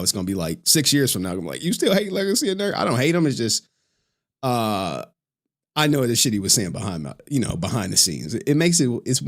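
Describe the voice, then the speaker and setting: A man chatting casually on a live stream, loose and profane, laughing often and reading out chat messages. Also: on the low side.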